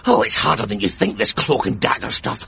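An actor playing a chatty, flustered parish priest in a radio sitcom. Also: male voice, fairly low pitch, lively intonation, a little fast, gravelly, bright, forceful tone, husky, heavily acted. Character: fussy gossiping parish priest, man. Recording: muffled broadcast sound.

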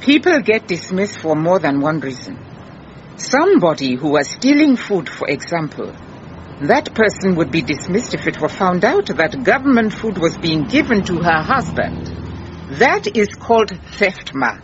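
Radio drama: firm, patient detective, muffled sound. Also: female voice, fairly low pitch, sing-song, measured pace. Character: calm firm woman detective. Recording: muffled with faint hiss.

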